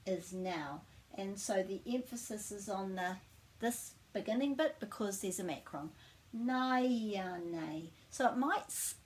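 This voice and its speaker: A woman with a New Zealand accent teaches words in a relaxed, friendly way. She slows right down to model each sound clearly so learners can copy her. Her voice sits at an ordinary middle pitch. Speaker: language teacher. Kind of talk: casual language lesson.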